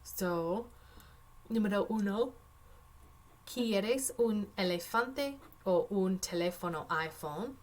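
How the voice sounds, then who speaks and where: A woman's voice: medium pitch, expressive, takes it slowly, hardly any pauses. A woman teacher walking through a Spanish worksheet on her screen, casual and chatty with wry asides. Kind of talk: screen-recorded worksheet walkthrough.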